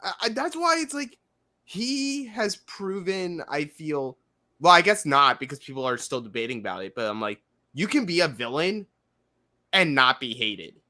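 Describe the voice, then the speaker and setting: A man with a bright, forceful, fairly high voice chats casually on a recap podcast. He talks loosely and often trails off mid-thought. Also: animated, moderate pace. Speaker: podcast co-host.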